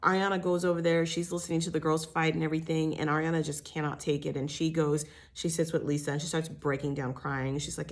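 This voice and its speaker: A woman with a deep voice talks fast, hardly pausing, as she recaps a reality show as a TV recap host. Her gossipy retelling is chatty, blunt and animated, packed with fillers and the occasional swear word.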